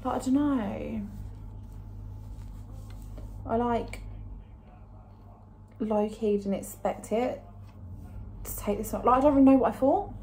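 A woman's voice: on the high side, slow, pauses often, mellow. A young woman casually vlogging her home renovation, chatty and full of "um" and "like". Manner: chatty, lots of "um" and "like". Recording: noisy home video.

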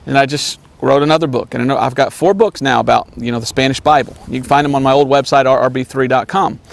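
A man preaching an earnest sermon, repeating his points and sometimes mocking name-callers in a high voice. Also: fairly even intonation, fast talker, creaky. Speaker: evangelist preacher.

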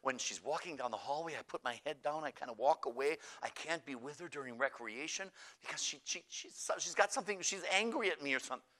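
Casting: a man putting on a worried, plaintive cloistered nun, raised and lively pitch, stammering. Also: fast, few pauses. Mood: fretful. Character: anxious fretful cloistered nun, older woman.

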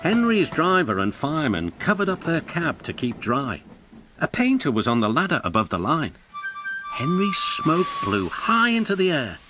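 Animated man reading a storybook. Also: on the high side, normal speed. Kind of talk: storybook narration. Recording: music clearly behind.

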